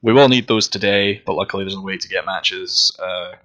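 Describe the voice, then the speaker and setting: A man's voice: low-pitched, a little fast, fairly bright tone, highs cut off. A man giving casual, rambling and profane commentary while playing a video game. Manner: rambling, profane and self-mocking. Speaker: let's play commentator.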